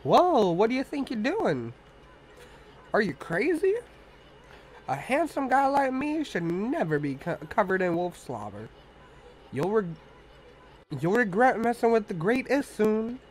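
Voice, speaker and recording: A man's voice: high voice, sing-song, measured pace, pauses often, a little hiss or hum, rough recording. A man voicing a boastful tiny male wandering artist, reading game dialogue aloud in a brash, cocky manner.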